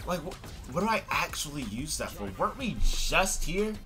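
A young man streaming a fighting game, commenting live with excitable yelps and trash talk. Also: on the high side, moderate pace, music in the background.

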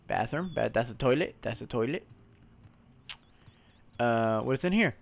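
A man streaming a story game, reacting excitably, exclaiming, swearing and calling the viewer "bro" all the time. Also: mid-range voice, a little slow, vocal fry, pauses often. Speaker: gaming streamer. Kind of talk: let's play commentary.

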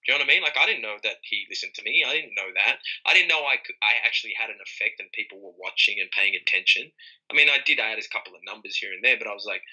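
A man's voice: racing, rough recording. A young man, a rapper, telling the story of his reaction in a casual interview, acting out his own surprised exclamations. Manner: animated, acts out his own reactions with sudden high-pitched exclamations.

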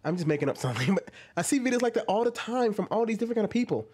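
Brief: lively, fairly high-voiced guy reacting to a clip, incredulous and rambling. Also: rapid-fire, a little hiss or hum. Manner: animated and incredulous, rhetorical questions, mimicking asides. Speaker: commentator reacting to a video. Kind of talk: casual reaction commentary.

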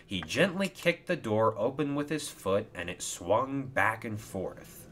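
A man narrating a toy-train storybook with slow, expressive storytelling. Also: fairly low pitch, slight background noise.

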